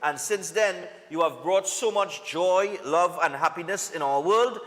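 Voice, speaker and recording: A Trinidadian man reads viewer greetings on a morning show in a high, bright voice. His casual, upbeat delivery is full of local slang. The studio has a long, ringing reverb. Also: measured pace. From Trinidad and Tobago. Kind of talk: live TV greetings segment.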